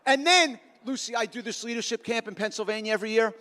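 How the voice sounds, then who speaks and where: High-voiced, jokey man in an auditorium. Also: racing. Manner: energetic, jokey, self-mocking. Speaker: motivational school speaker. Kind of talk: school assembly talk with crowd work. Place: large school auditorium. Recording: long auditorium reverb.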